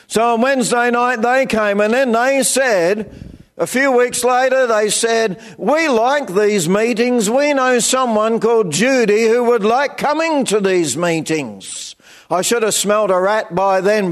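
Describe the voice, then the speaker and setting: An older man with an Australian accent preaches in a plain-spoken, storytelling way, acting out the voices of the people in his stories. His voice sits notably high for a man. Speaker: pastor. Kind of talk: sermon with personal stories.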